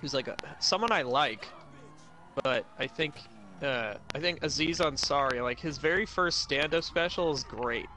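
A man co-hosting a casual podcast chat, excitable, swearing and quoting people as he talks. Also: fairly high pitch, normal speed, soft background music. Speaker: podcast co-host. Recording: clear background noise.

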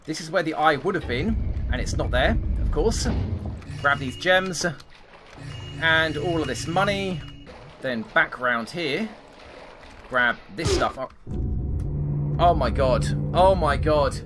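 A man talks over his gameplay in a high, lively voice that leaps up and down. He thinks aloud and curses the game in exasperation. Game music plays clearly behind him. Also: unhurried, pauses often. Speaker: gaming commentator. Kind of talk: live gameplay commentary.

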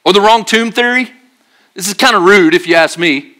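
Male pastor, sermon delivery, bright and slightly high voice, animated storyteller. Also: brisk. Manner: drops to a quiet, earnest tone for serious points. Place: church.

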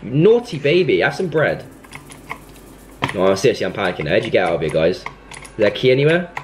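A young gaming YouTuber narrates a horror game while playing, his low, sing-song voice moving fairly quickly over background noise. He swings between jumpy, panicky outbursts and scolding the game baby.

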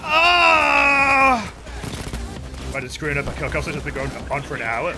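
A young man giving goofy, excitable commentary while streaming a game, with sudden yells. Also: medium pitch, normal speed. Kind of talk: casual gaming commentary. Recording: game music playing behind.

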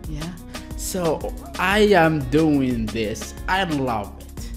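Excitable reaction host from Algeria, unhurried but swinging pitch, faint music behind. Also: male voice. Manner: excitable, exclamatory, broken English.

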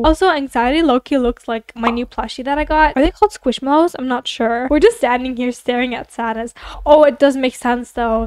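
A young woman with a high-pitched voice chats through a building game with her viewers. She is giggly and excitable, often gushing over the builds. Her voice sounds close and dry. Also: smooth, no echo. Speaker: gaming YouTuber. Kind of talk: casual game commentary.

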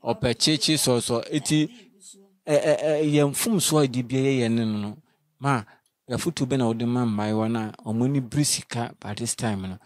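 A man's voice: medium pitch, moderate pace, a little mellow, no room sound. Hesitant man asking interview questions. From Ghana. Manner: brief acknowledgements, hesitant questions.

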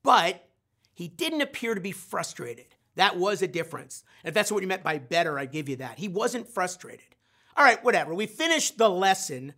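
A man's voice: high-pitched, sing-song, normal speed, bright, forceful tone. A middle-aged man, a sales trainer, telling a self-mocking story in a live online training session and putting questions straight to his audience.

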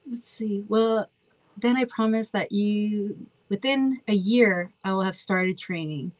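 A woman's voice: medium pitch, slow, dry recording, poor audio. Chatty woman with a childlike voice. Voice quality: childlike, slightly babyish voice. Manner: chatty, warm-hearted, rambling with self-interruptions. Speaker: host of a virtual meet and greet. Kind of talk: casual chat with fans. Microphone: phone.

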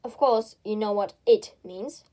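A woman's voice: mid-range voice, a little slow, mellow, close to an everyday voice. A woman reading aloud and voicing a fussy, self-important male mouse who lectures pompously. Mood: cross.

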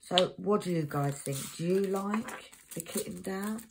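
Speaking a little slowly in a fairly low pitch, a woman hosts a crafting channel and chats in a meandering way, reading codes as she goes. Background noise and loud crinkling packets can be heard behind her.

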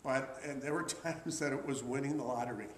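Steady in tone and a little fast, this man in his sixties has a mid-range voice as he tells an audience chatty, rambling anecdotes about collecting memorabilia, restarting and saying uh along the way. The low-quality recording sounds roomy, with a little hiss or hum.

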